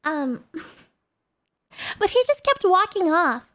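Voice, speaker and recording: A young woman streamer casually telling a story, animated and laughing often, with lots of "like" fillers. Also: extremely high pitch, takes it slowly.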